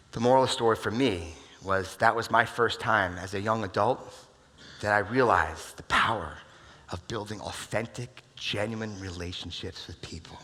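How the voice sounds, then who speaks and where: A man's voice: fairly low pitch, breathy edge. Man telling stories on a reverberant stage. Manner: dramatic, swings from loud bursts to hushed asides. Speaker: keynote speaker. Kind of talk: motivational stage storytelling. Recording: long hall reverb.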